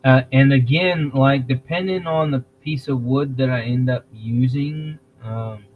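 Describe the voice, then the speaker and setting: A man hosting a casual livestream, talking in a rambling, halting way, restarting phrases and clearing his throat. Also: mid-range voice, phone-quality sound, soft background music. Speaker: livestream host.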